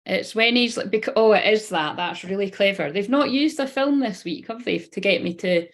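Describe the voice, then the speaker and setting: A woman's voice: mid-range voice, moderate pace. A woman in her thirties giving a live-streamed card reading, rambling, swearing casually and talking straight to her viewers. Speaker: spiritual reader.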